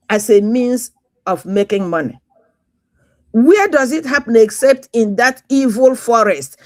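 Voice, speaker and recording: A woman with a Nigerian Igbo accent speaking as a guest on a talk show, angry, emphatic and lecturing. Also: a little high. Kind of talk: casual talk show chat.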